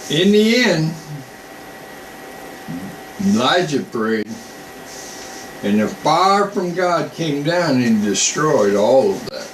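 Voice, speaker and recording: Slow, folksy preacher man in an echoey room. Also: on the high side, big pitch swings, far from the mic. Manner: folksy, slow, reads scripture then comments. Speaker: preacher on a live online broadcast. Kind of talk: informal Bible teaching. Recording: echoey room, voice from off mic, faint hum.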